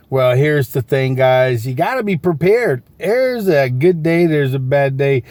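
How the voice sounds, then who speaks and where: A man's voice: mid-range voice, animated, unhurried, few pauses, a little mellow, no room sound. A man giving a casual, folksy motivational talk about selling from inside his parked car, asking his listeners question after question. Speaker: sales coach vlogger.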